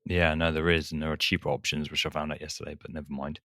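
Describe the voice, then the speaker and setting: A man's voice: rumbling low, flat delivery, quick pace, sharp tone, dry recording, studio quality. A man co-hosting a podcast with a slight lisp from braces, laid-back and teasing. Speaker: podcast co-host. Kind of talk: casual podcast banter.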